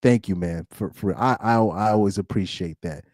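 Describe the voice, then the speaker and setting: A man's voice: fairly low pitch, normal speed, darkish tone, no echo, clean studio sound. A young man hosting a live-streamed podcast in casual chat, rambling and laughing often between loose, filler-heavy sentences. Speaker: podcast host.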